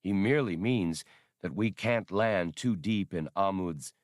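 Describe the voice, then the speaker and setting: A man voicing a polite male robot servant who speaks in calm, neutral tones in a storybook reading. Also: low-pitched, a little slow, no echo, studio quality.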